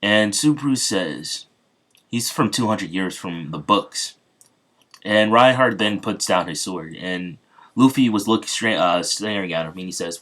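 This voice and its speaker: A man's voice: fairly low pitch, lively intonation, unhurried, a bit bright. A man casually retelling a fan story, rambling with many fillers.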